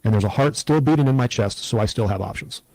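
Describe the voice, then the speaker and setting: Earnest middle-aged man, dark mellow tone. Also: mid-range voice, fast, dry recording, low-quality recording. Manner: earnest, reflective, steady storytelling. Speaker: interview guest. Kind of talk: personal testimony in an interview.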